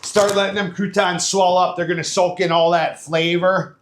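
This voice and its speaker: A man's voice: high-pitched, level tone, moderate pace, echoey room, slight background noise. A man hosting a casual home cooking show, chatting folksily through each step from his kitchen with plenty of fillers.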